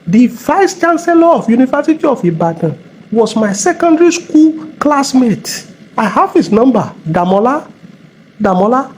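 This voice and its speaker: A man's voice: very high-pitched, big pitch swings, moderate pace, a little hiss or hum. A man with a Nigerian accent playing a bossy, mocking middle-aged police officer in a comedy skit. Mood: scolding. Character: bullying middle-aged male traffic cop.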